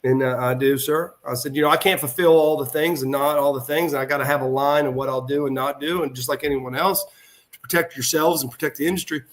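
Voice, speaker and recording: A man's voice: medium pitch, fast. A middle-aged man, a former pro wrestler, telling a story as a guest over a remote video call and acting out the voices of the people he quotes. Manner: animated, acts out quoted voices. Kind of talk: casual anecdote storytelling.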